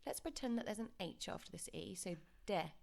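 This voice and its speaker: A woman teaching a lesson over slides, explaining pronunciation patiently and modelling words slowly for repetition. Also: mid-range voice, animated, creaky, a little mellow. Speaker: Spanish teacher. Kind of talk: recorded classroom lesson.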